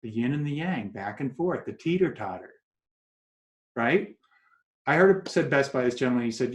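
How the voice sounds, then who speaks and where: A man giving advice as a guest in an interview, animated and acting out quoted voices as he tells stories. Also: medium pitch, normal speed, pauses often. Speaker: guest coach. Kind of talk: casual interview talk. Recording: echoey room.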